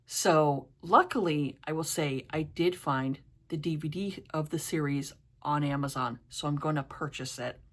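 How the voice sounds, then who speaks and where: Low-pitched woman, casual rambling vlog chat full of fillers. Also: a little slow, hardly any pauses, a bit bright. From East Coast of the US, New York area. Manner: rambling, many fillers like "you know" and "like". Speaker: book and TV reviewer.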